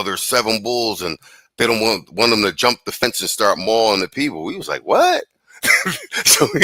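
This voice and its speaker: A man hosting a casual live-streamed podcast, telling a story in animated, slangy talk with frequent laughs and restarts. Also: fairly low pitch, dry recording. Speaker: podcast host.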